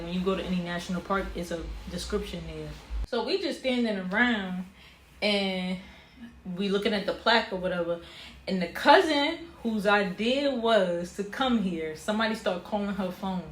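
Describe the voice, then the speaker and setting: A young woman telling a personal story in a casual vlog, animated, with casual slang. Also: mid-range voice. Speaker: vlogger. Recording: roomy echo with faint ambient noise.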